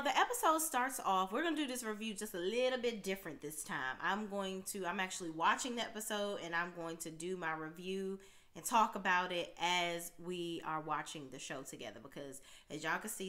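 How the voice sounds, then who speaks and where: A woman with a bright, forceful voice hosts a reality TV recap. She talks in a loose, chatty style and keeps checking in with her listeners with a quick "okay?". Her pitch sits in the middle range for a woman. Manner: talkative, punctuates points with "okay?". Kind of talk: casual chatty commentary.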